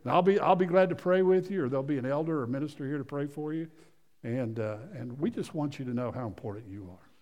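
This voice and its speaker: A man preaching a sermon, swinging from loud emphasis to hushed storytelling, often repeating phrases and restarting sentences. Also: fairly high pitch, quick pace, dull audio. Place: church sanctuary. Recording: long reverb of a church hall.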